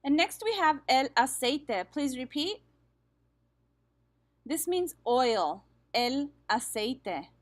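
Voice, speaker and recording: Woman teacher, higher voice, slow and careful drilling of vocabulary. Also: big pitch swings. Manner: slow, careful enunciation with repeat-after-me pauses. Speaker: Spanish teacher. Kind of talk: vocabulary lesson.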